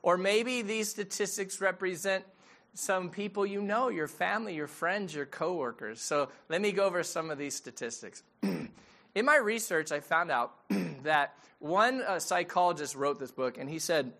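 A man's voice: sits high, normal speed, a bit bright. A middle-aged man, a pastor giving a sermon in a conversational storytelling way and asking the audience questions.

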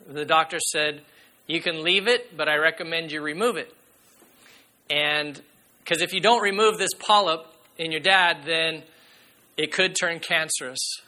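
A man preaching a sermon as pastor, earnest and emphatic, sometimes dropping to a hushed voice. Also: on the high side, measured pace.

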